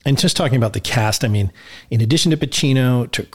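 A man's voice: mid-range voice, quick pace. A male podcast host gives casual film commentary in a mid-range voice. He rambles enthusiastically and often restarts his sentences.

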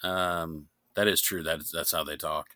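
Joking, profane man, bright and dry. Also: extremely low pitch, fairly even intonation, moderate pace, no room sound. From New York. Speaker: podcast co-host. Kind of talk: casual chat.

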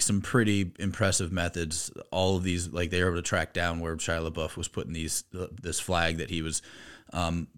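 A man co-hosting a podcast in casual chat, conversational and loose, with his voice jumping up when he gets animated. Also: deep voice, clean tone. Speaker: podcast co-host.

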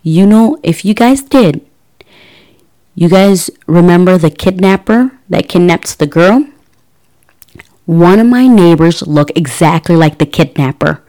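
A woman's voice: lowish voice, animated, a little slow, dark tone. A woman in her thirties telling a personal story to her audience in a casual, chatty way, with many fillers and restarts. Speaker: podcast host.

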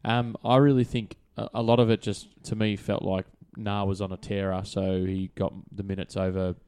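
A man's voice: on the low side, little pitch movement, normal speed, mellow, clean tone. A man co-hosting a casual fantasy basketball chat, easygoing and thinking aloud. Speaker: podcast co-host.

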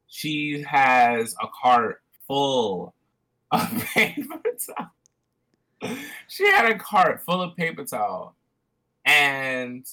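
Podcast guy chatting, bright punchy voice, gets animated telling stories. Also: medium pitch, poor audio. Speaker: podcast co-host. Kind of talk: casual chat.

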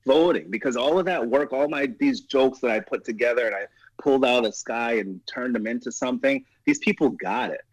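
A man who does stand-up comedy, speaking as a guest with an animated, emphatic storytelling manner and frequent laughter. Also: medium pitch, fairly quick, few pauses, no room sound, poor audio. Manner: laughs often, breaks into laughter mid-story; emphatic, repeats "you know what I mean".

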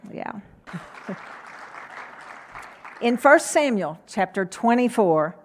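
A middle-aged woman telling a Bible story in a gentle, unhurried storytelling sermon. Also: mid-range voice.

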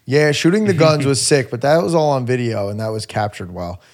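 A man co-hosting a podcast in casual chat, telling stories loudly and acting out the quotes. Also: mid-range voice, brisk. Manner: loud animated storytelling, acts out quotes. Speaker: podcast co-host.

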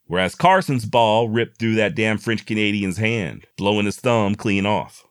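A man with a drawl spins an old frontier yarn, folksy and wry, with joking asides. His voice sits on the low side and is close and dry. He sounds like a host talking straight to his listeners. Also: unhurried, clean tone, no room sound. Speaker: history storyteller, host. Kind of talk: casual folksy storytelling.

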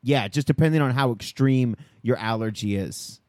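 A man's voice: mid-range voice, normal speed, no room sound, studio quality. A man in crude, casual banter, teasing his co-host and swearing often. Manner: profane, teasing, animated.

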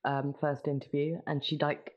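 Low-voiced gushing woman, lo-fi audio. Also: little pitch movement, moderate pace. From England. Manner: gushing, giggly. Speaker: podcast co-host. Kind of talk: casual chat. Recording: dull lo-fi audio.

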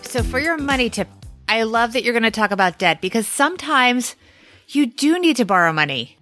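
A woman's voice: on the high side, lively intonation, brisk, a bit bright, faint music behind. A woman hosting a podcast interview, reacting expressively with gasps and exclamations. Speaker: podcast host. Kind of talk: conversational interview.

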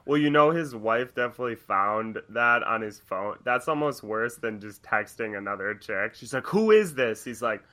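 Young man, bright tone, casual chat, animated storyteller, acts out quotes. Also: on the low side, moderate pace, hardly any pauses. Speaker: podcast co-host.

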